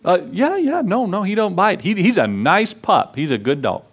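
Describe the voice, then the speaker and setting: A man's voice: high voice, sing-song, normal speed, husky, pitched above the performer's own voice, full character voice. A man voicing a young boy in a story, speaking in a chirpy, reassuring way. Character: eager young boy in a yard.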